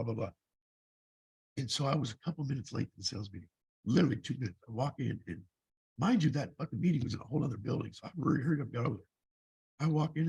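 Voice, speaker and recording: A man's voice: medium pitch, gravelly, darkish tone, slightly rough, dry recording. A man in his fifties, a life coach, telling his own story in a blunt, profane, rambling way. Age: 50s. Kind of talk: casual personal storytelling.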